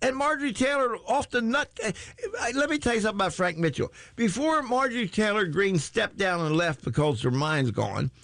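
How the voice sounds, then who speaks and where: A man's voice: high voice, sing-song, a little fast, vocal fry, a bit bright, no echo. A man hosting talk radio, rambling and joking with many stammered restarts. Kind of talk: excitable talk radio banter.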